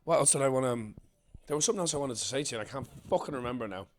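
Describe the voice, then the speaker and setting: A young man, a podcast co-host and comedian, joking and swearing in quick casual banter. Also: mid-range voice, animated. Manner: jokey, swears a lot, quick asides.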